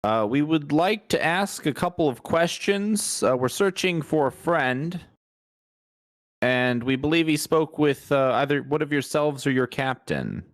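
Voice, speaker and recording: A man's voice: on the high side, expressive, measured pace, dry recording, clean studio sound, pitched above the performer's own voice. A man voicing a polite, diplomatic male adventurer who speaks formally in a tabletop game.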